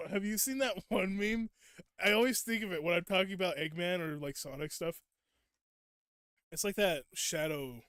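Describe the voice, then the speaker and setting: High bright-voiced young man chatting. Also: moderate pace, clean tone, dry recording, clean studio sound. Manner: chatty, laughs often, acts out quotes. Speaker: gaming streamer. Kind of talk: casual gameplay chat.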